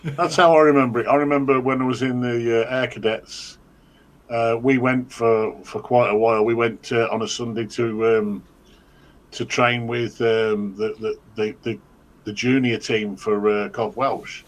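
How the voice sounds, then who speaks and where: A man's voice: mid-range voice, fairly even intonation, moderate pace. A man, chatting casually and telling stories with a dry, wry humour. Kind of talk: casual chat.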